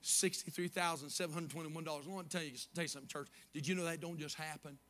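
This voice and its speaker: A man preaching a sermon as pastor, moving from quiet storytelling to shouted praise. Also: fairly high pitch, steady tone, fast, a little hiss or hum.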